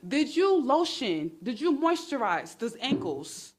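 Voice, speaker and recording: A woman hosting a casual livestream on her phone, talking in a sarcastic, exclamatory and animated way. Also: sits high, slow. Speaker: livestream host.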